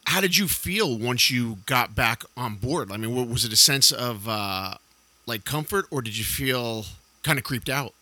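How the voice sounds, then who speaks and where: A man's voice: mid-range voice, animated, measured pace, pushed and bright. A man hosting a podcast, upbeat and playful as he questions his guest. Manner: upbeat, playful, laughs easily. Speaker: podcast host. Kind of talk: casual interview.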